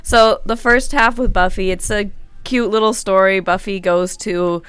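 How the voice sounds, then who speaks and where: A woman's voice: mid-range voice, steady tone, measured pace, fairly bright tone, clear, resonant tone, no echo. A woman co-hosting a comics podcast, lightly summarizing stories in casual chat. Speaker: podcast co-host.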